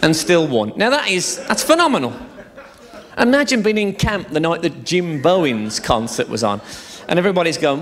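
Lively bawdy stand-up comedian man. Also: on the high side, normal speed. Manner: bawdy, swearing, chatty storytelling. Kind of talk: live stand-up routine. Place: theatre stage, live show.

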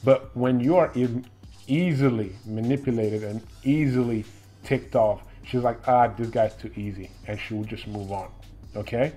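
A man's voice: medium pitch, moderate pace, warm tone, faint music behind. A man giving firm, instructive dating advice straight to the camera, often checking in with "okay?" and "right?". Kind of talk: direct-to-camera advice monologue.

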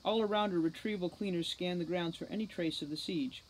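A woman reading a novel aloud with steady, measured narration. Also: on the low side, slight background noise, rough recording. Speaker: audiobook reader.

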